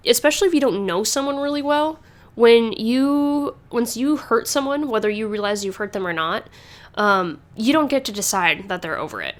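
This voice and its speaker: A woman's voice: on the high side, lively intonation, normal speed. A woman hosting a podcast in casual chat, rambling with many fillers and restarts and laughing often. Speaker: podcast host.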